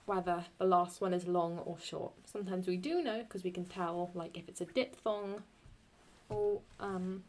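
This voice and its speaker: A young woman explaining Latin verse in a casual, halting way, often stopping to correct herself as she writes. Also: fairly low pitch, darkish tone, slight background noise. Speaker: Latin teacher.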